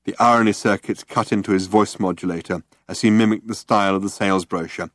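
A man narrating an audiobook with a measured, deadpan delivery. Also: on the low side, no room sound, clean studio sound.

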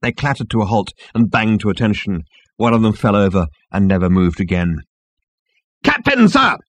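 A man's voice: lowish voice, brisk, no echo. A man narrating an audiobook expressively and voicing the characters. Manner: lively, voices characters.

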